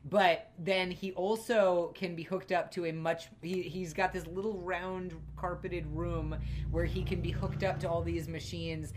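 A woman's voice: lowish voice, little pitch movement, measured pace, hardly any pauses, a little hiss or hum. A woman co-hosting a casual film review podcast, talking thoughtfully with many fillers and restarts. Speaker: podcast co-host.

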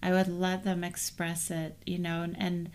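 A middle-aged woman co-hosting a casual talk on grief, telling a family story in a gentle, reflective way. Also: lowish voice, completely flat delivery, normal speed. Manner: gentle, storytelling, soft trailing phrases. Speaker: co-host.

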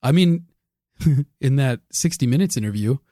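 A man's voice: mid-range voice, expressive, normal speed, mellow, no echo, studio quality. A man co-hosting a podcast in casual chat, easygoing and agreeable, hedging his points as he talks them through. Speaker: podcast co-host.

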